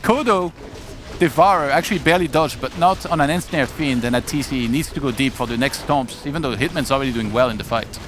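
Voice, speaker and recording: A man doing live commentary on a strategy game match, getting excited on big plays. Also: medium pitch, fast, few pauses, noisy background. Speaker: esports commentator. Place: event studio.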